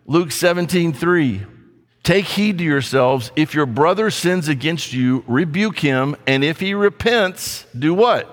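A man's voice: a little high, expressive, unhurried. A male pastor preaching a sermon in a blunt, conversational way, with playful asides. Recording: long hall reverb.

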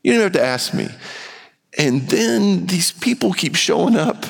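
In a church sanctuary, a male pastor delivers a sermon at a moderate pace in a high-sitting, creaky, very animated voice. His talk is candid and conversational, and long hall reverb fills the recording.

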